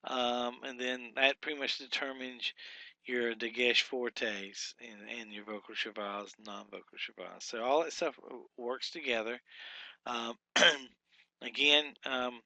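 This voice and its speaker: A male teacher walking through workbook exercises, spelling out syllables one by one with frequent pauses and fillers. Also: mid-range voice, fairly even intonation, bright, forceful tone, no echo. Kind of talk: recorded lesson walkthrough.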